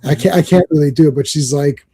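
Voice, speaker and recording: Male podcast host, higher-pitched but dark in tone, loose and chatty, lots of laughing. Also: quick pace, husky. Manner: rambling, laughing, trailing off. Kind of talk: casual chat.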